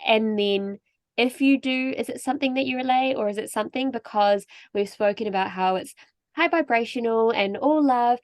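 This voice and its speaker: An Australian woman co-hosts a podcast chat. She is eager and laughs often, and her questions come out in halting pieces. Her voice sounds dry, with no room echo. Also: a little high. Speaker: podcast co-host.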